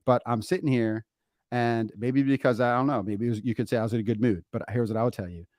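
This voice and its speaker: Laughing, animated storytelling dad. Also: male voice, medium pitch, fast talker, no room sound, studio quality. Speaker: podcast co-host, father. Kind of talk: casual storytelling chat.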